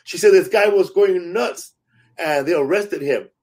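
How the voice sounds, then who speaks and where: A man's voice: high-pitched, measured pace. A man, a stand-up comic, telling stories in casual chat, acting out quotes and swearing freely. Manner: animated storyteller, acts out quotes, swears freely.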